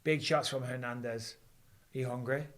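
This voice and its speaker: Excitable man calling a fight. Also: medium pitch, moderate pace. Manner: excitable, rising for big moments. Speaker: host. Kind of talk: live fight commentary and chat.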